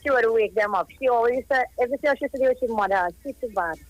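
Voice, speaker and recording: Her voice is on the high side and she speaks fast, the telephone audio poor and dry. A Trinidadian woman in her thirties, she has called a live radio show and tells a long, rambling, emotional story of grief over a young cousin's death.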